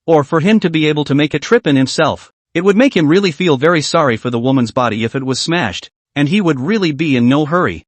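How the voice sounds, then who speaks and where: A man's voice: a little high, no room sound. A man narrating a manhwa recap in a dramatic storytelling manner.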